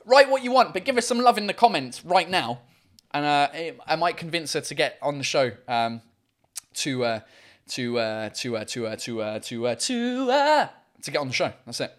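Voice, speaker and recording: A man's voice: on the high side, big pitch swings, normal speed. Man, livestream host, casual chat from home, rambling, lots of fillers, swears freely. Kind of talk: casual live chat reading comments.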